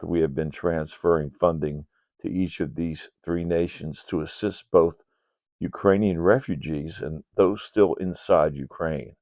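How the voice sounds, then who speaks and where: Older male ministry leader, deep voice, gravelly, reads an earnest donor report, lo-fi. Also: dark tone, dry recording. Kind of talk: read-aloud ministry report. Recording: dull, dry lo-fi sound.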